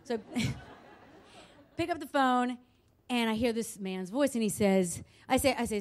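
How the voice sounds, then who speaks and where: A woman telling a true story at a live show, expressive and quick to swear and laugh at herself. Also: on the high side. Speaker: storyteller on stage.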